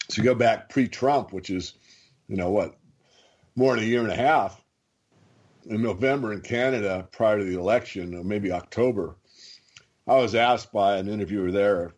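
A man speaking as an interview guest, measured and conversational, explaining his views at length. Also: on the low side, darkish tone, husky. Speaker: interview guest, precious metals commentator. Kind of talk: talk show interview.

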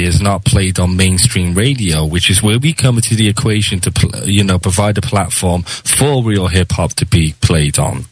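A man from the UK with a Welsh accent, a radio guest chatting casually and relaxed. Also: lowish voice, husky, rough recording. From United Kingdom. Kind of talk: casual interview chat.

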